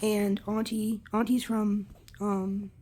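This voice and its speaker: A young woman candidly recounting a personal story in a halting, casual way, swearing freely. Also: medium pitch, flat delivery, mellow. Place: Lancaster area.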